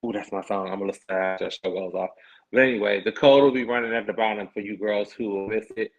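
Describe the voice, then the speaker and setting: A man's voice: fairly low pitch, fairly even intonation, quick pace. A man hosting a podcast livestream, chatting casually in a sassy, slangy way. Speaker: podcast host. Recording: dull lo-fi stream audio.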